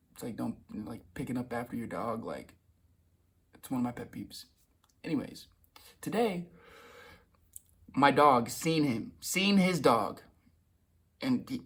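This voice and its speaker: Husky man telling a rambling story. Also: medium pitch, fairly bright tone. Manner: rambling, repeats words and restarts often; swears casually. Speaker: vlogger. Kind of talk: casual storytelling monologue.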